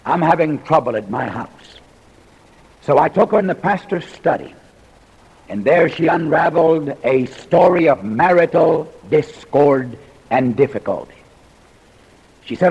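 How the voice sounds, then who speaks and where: Older male pastor, sixties, folksy sermon delivery with jokes and pauses, husky, long reverb. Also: on the high side, animated, a little mellow, muffled recording. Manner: folksy humorous preaching with dramatic pauses. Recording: reverberant hall recording.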